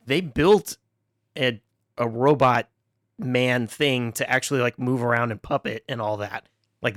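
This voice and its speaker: A man chatting casually as a podcast co-host, rambling along with frequent laughs and plenty of swearing. His voice sits at an everyday middle pitch. The sound is close and dry, with no room around it. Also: fairly bright tone, no room sound. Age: adult with children. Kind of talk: casual chat reviewing a film.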